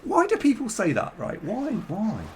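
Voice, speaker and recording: A man with a Welsh accent hosting a casual livestream chat, relaxed and playful. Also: high-pitched, moderate pace, slight background noise. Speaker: host.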